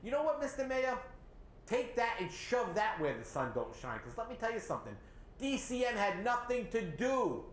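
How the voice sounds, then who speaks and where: A man with a New England accent hosting a local talk show, animated and sarcastic as he criticizes city leaders. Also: a little high. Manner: animated, sarcastic, mocks others in put-on voices. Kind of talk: opinionated local politics discussion. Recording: echoey room with faint ambient noise.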